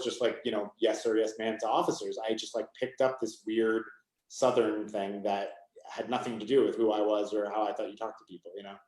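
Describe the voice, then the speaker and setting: Rambling man in an echoey room. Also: fairly low pitch. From Maine. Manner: rambling, full of "you know" and "like". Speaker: author guest. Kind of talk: casual conversation.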